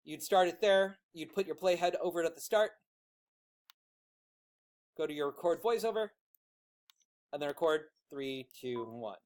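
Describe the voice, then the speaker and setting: A man with a high-pitched voice walks a classroom of students through a software tool. He projects in a loud teacher voice but keeps it loose and chatty, full of fillers and quick asides. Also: lively intonation.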